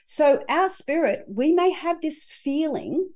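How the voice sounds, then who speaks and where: A woman talking as a guest in an interview, animated and acting out her own inner dialogue. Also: high-pitched, slow. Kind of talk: conversational interview.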